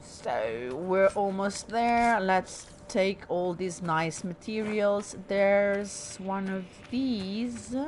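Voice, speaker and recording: A woman's voice: medium pitch, animated, extremely slow, hardly any pauses, slight background noise. A woman hosting a let's play, chatting through her gameplay in a self-mocking way and talking to the game characters. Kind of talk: casual gameplay commentary.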